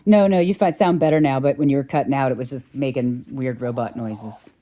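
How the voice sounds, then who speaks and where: A woman's voice: a bass voice, a little fast, mellow, slight background noise. A woman hosting a casual livestream who laughs easily and reads out viewer chat. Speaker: livestream host.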